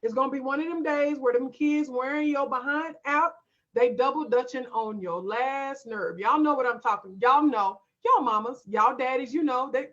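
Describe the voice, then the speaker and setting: Woman, livestream host, high-ish voice, emphatic, folksy, chatty, dull lo-fi audio. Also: normal speed. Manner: emphatic, folksy, talks straight to viewers. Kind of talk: casual livestream chat reading viewer comments.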